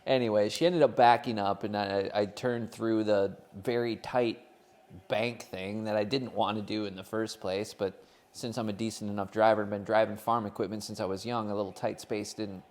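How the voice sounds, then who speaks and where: A man's voice: on the low side, fairly even intonation, moderate pace, darkish tone. A man co-hosting a casual sports podcast, telling a rambling story full of swearing. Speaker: podcast co-host. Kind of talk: casual chat.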